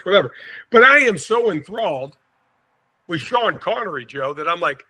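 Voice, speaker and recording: A man in his sixties from St. Louis, a podcast guest telling an animated anecdote and acting out the quotes. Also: high voice, normal speed. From St. Louis, USA. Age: 60s. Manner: lively storyteller, acts out quotes, chuckles often.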